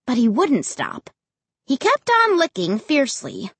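A woman reading a first-person storybook aloud in an expressive, dramatic way. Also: high voice, unhurried, slightly rough, no room sound. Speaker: audiobook narrator.

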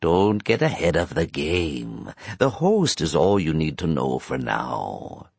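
A man voicing a sinister mysterious male caller with a peculiar voice that swings from low and slow to oddly high. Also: sing-song, vocal fry, slightly rough, no echo, heavily acted. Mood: taunting. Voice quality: peculiar shifting voice, at times helium-high. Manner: slow, taunting, drawn-out.

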